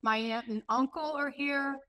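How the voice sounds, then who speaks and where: A woman accepting an award, overwhelmed and hesitant, pausing often with fillers. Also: sits high, pushed and bright. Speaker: award honoree. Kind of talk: acceptance speech.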